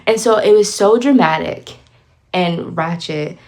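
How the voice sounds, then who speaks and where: A woman's voice: mid-range voice, a little slow, a little mellow, low-quality recording. A young woman telling a story on her vlog, chatty and exasperated, full of "like" and "you know.". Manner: chatty, filler-heavy retelling with lots of "like". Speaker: vlogger.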